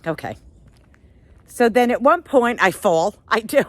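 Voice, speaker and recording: A middle-aged woman vlogger telling a story on a walk outdoors, animated and self-mocking, laughing often. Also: on the high side, measured pace, no room sound.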